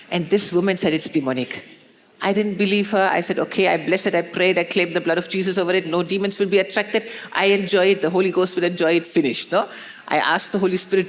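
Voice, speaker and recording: A middle-aged woman preaching a sermon in a conversational, storytelling way, often tagging sentences with "no?". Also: on the low side. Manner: conversational, tag questions "no?".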